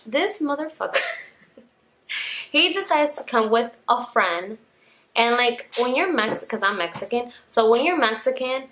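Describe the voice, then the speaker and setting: A young woman vlogger telling a story at home in a casual, animated way, full of swearing and quick bursts of speech. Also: mid-range voice. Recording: echoey room.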